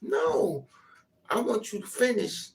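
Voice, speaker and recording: A woman's voice: medium pitch, animated, takes it slowly, vocal fry, darkish tone, far from the mic. An older woman hosting a casual livestream, talking frankly, laughing often and greeting viewers by name. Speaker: livestream host.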